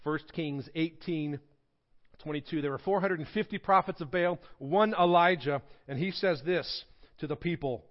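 A man's voice: a little high, normal speed, highs cut off. A male pastor preaching a sermon in a church, reading scripture dramatically with humorous asides. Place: church sanctuary.

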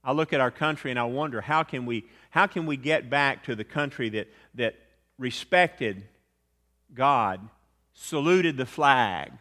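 Bright-voiced preacher in an echoing hall. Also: male voice, a little slow. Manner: earnest, swells louder then drops low and quiet. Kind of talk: sermon.

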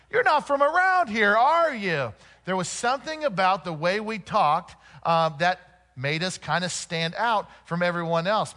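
A man preaching a sermon, reading scripture slowly and putting rhetorical questions to his congregation. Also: high-pitched, a bit bright. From Oklahoma.

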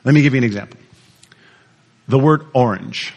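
A man preaching a sermon, teaching with lively repetition and questions to the congregation. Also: medium pitch, normal speed. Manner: animated teaching, repeats words, asks the audience questions. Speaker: pastor.

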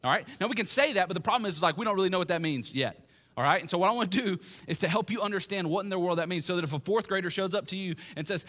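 A man's voice: high-pitched, rapid-fire, fairly bright tone. A pastor delivering a conversational sermon in a church that meets in a gym, often restarting and repeating his phrases. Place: gym used as a church hall.

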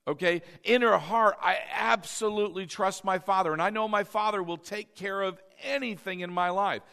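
High-voiced male pastor, echoey sanctuary. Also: moderate pace, creaky, pushed and bright, smooth. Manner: conversational, often checks in with the congregation; emphatic, repeats key phrases. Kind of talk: sermon.

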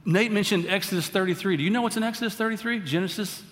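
A man's voice: sits high, fast talker, fairly bright tone. A man preaching a sermon as pastor, talking conversationally and with emphasis, often turning to the congregation with asides. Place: church sanctuary. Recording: long reverb of a large hall.

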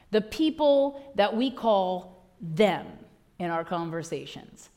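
A woman pastor preaching a sermon with impassioned delivery, swinging from loud declarations to hushed lines. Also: lowish voice.

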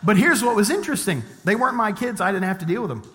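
A man's voice: high-pitched, lively intonation, quick pace, fairly bright tone. A middle-aged man preaching a sermon as a pastor, mixing scripture reading with conversational, humorous personal stories. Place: church sanctuary. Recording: long reverb of a church hall.

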